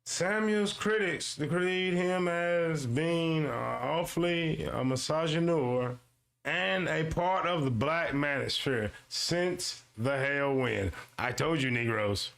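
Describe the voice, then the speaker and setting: Gravelly, animated male streamer. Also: on the high side. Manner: animated, swings between slow read-aloud and quick asides; talks back to his audience, repeats lines for emphasis. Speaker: show host. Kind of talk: casual streamed commentary reading a web page aloud.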